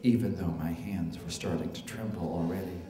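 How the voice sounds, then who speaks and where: A man performing a comic personal story on stage, animated and prone to high excited exclamations. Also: a little fast. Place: storytelling show venue. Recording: echoey hall, live stage.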